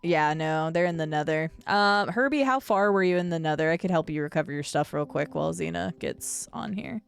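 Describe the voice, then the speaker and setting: A woman's voice: low voice, a little fast, creaky, clear, resonant tone, soft background music. A woman streaming a game, chatting casually with her viewers and fellow players and laughing often. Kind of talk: casual gameplay stream chat.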